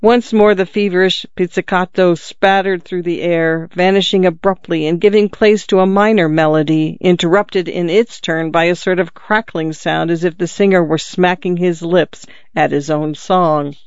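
A man narrating a story in a measured, expressive reading, close to the mic. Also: high-pitched, clean tone, no room sound. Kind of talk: scripted narration. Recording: slightly dull, dry lo-fi recording.

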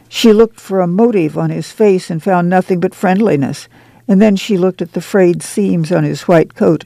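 A man narrating a story in a slow, measured reading. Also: sits high, gravelly, mellow, no room sound. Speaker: audiobook narrator. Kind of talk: scripted narration.

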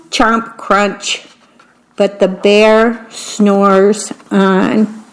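A woman reading picture books aloud, gently describing the pictures between the verses. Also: on the high side, low-quality recording. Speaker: storybook reader.

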